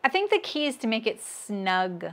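A woman's voice: on the high side, sing-song, normal speed, a bit bright. Chatty woman sewing on a livestream. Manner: chatty, answers viewer comments, laughs at own jokes. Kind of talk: casual livestream chat while sewing.

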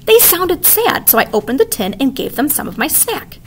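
Stubborn young girl in a read-aloud, voiced by a woman; high, whiny, pouty. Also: very animated, moderate pace, a little hiss or hum. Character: bold, impatient young girl.

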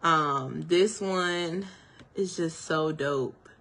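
Bright, slow-talking chatty woman. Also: low voice. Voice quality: slightly tongue-tied from retainers. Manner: chatty, gushing, talks straight to viewers. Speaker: hairstylist and small business owner. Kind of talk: casual product reveal vlog.

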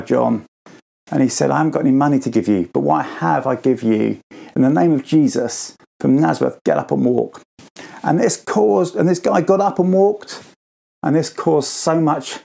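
A man gives a school assembly talk in a relaxed, gravelly voice with a dark, mellow tone. He tells the story informally to children, lifting his pitch sharply whenever he acts out what a character says. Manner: informal, acts out quoted lines with pitch jumps.

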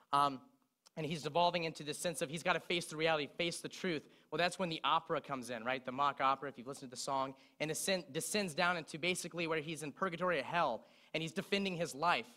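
Bright-voiced young man preaching. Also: fairly high pitch. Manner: recites song lyrics in a speaking voice, lively storytelling. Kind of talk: sermon.

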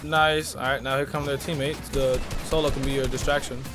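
A man's voice: medium pitch, little pitch movement, fairly quick, over music. A young man giving hyped, trash-talking commentary over a video game with a friend. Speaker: gaming YouTuber. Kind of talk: live gameplay commentary.

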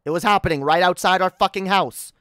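A woman's voice: lowish voice, fairly quick, fairly bright tone, no room sound, studio quality. A woman livestreaming an angry rant, annoyed and swearing a lot, often stammering and restarting her sentences. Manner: profane, heated, stammering restarts.

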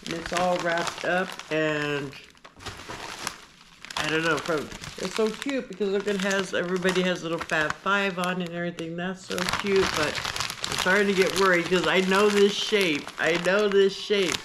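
A woman hosting a casual unboxing vlog, talking in a gushing, excitable way. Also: lowish voice, moderate pace, noisy background. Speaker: vlogger host. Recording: paper crinkling and clicks behind.

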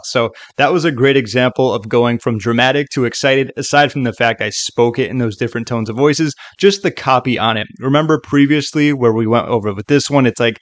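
A man hosting a relaxed software tutorial, chatty and informal, often checking in with "okay" and "right". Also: mid-range voice, fairly quick, no room sound. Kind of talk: casual screen-recorded tutorial.

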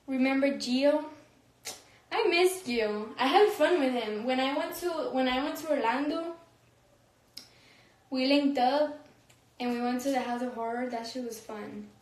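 Young woman livestreaming on her phone, high voice, lots of giggles and slang, roomy echo. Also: a little slow, pauses often. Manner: giggly, slangy, laughs often. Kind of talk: casual livestream chat reading comments. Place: room, recording a phone livestream.

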